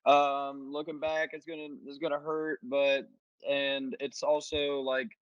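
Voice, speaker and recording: A man's voice: medium pitch, flat delivery, unhurried, clear, resonant tone, no echo, lo-fi sound. A young man co-hosting a sports podcast, speaking in a reflective, wistful way. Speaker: podcast co-host. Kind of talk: casual chat.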